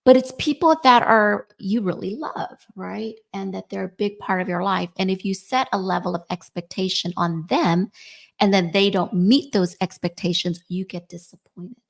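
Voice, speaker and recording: Gravelly-voiced woman in her forties. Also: mid-range voice, normal speed. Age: 40s. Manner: chatty, often ends points with "right?". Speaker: podcast co-host. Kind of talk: casual podcast chat.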